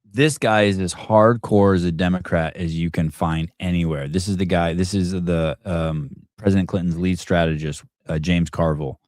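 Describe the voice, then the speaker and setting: Low-voiced dude hosting a podcast, pushy and worked up, dry mic. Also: male voice, moderate pace, no echo. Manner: pushy, animated, profane. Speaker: podcast host. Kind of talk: casual call-in show chat.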